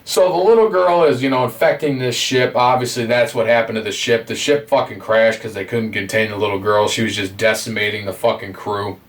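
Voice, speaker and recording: A man's voice: on the low side, brisk, few pauses. Guy ranting thru a game review, swears nonstop, kinda far from the mic. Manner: swears constantly, animated, rambling.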